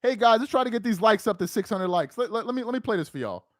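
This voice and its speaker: A man hosting a reaction video, ranting in disbelief with loud outbursts between a played clip. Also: high voice, expressive, fast, no echo, studio quality. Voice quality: exasperated, incredulous, loud outbursts.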